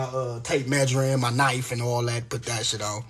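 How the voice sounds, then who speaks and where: A man's voice: mid-range voice, little pitch movement, normal speed, fairly bright tone. A man talking casually to his viewers, reading scripture aloud and preaching emphatically with lots of profane slang. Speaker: vlogger.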